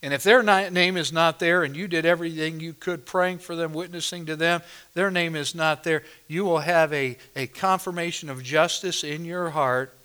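A man's voice: fairly high pitch, fairly even intonation, normal speed, few pauses, bright, forceful tone, clear, resonant tone. A male pastor preaching a sermon at a church service, emphatic and driving home points by repeating phrases.

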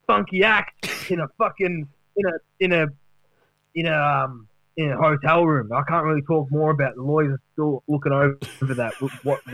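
A man doing a loud bragging Aussie ex-footballer. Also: fairly high pitch, dry recording, poor audio. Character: brash boastful middle-aged male ex-footballer.

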